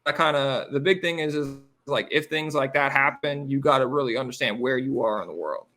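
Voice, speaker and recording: A man's voice: medium pitch, a little fast. An American man in his thirties, a pro basketball player, telling long casual stories with lots of fillers as an interview guest. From United States. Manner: animated, rambling anecdotes with many fillers. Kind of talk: casual storytelling.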